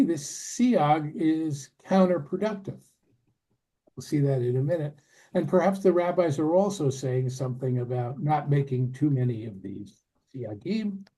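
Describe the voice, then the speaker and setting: An older man teaching a relaxed, conversational Bible lesson, with asides and soft laughs. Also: on the high side, husky, poor audio. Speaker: Torah teacher.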